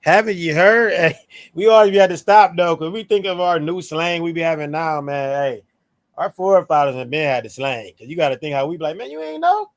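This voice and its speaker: A man co-hosting a scripture talk in a relaxed, slangy way, switching into playful tones when he quotes. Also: a little high, brisk, no room sound. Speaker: co-host of a scripture show. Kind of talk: casual religious discussion.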